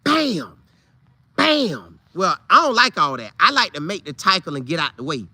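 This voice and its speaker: A man telling a funny old football story casually, with loud sound effects and vivid retelling. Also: a little high, sing-song, quick pace, dry recording. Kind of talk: animated storytelling.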